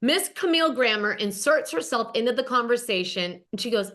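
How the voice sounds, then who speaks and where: A woman host chatting about reality TV in an animated, gossipy way, talking straight to her viewers. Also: a little high, brisk, hardly any pauses. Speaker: podcast host. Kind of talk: casual gossip recap.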